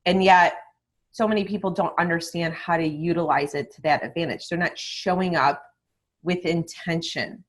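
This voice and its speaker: Woman, podcast guest, lower-pitched voice, candid, animated, swears casually, acts out conversations. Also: moderate pace. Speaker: guest, online marketing mentor. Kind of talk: casual interview talk.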